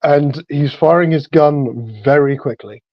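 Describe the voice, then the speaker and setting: A man narrating as the storyteller of a tabletop game, relaxed and full of fillers. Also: on the high side, unhurried. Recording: dull lo-fi sound.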